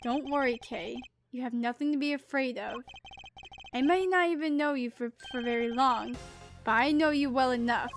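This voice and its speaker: A woman voicing a composed, determined male prosecutor, measured and earnest. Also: sits high, faint music behind. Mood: reassuring. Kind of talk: reading game dialogue aloud.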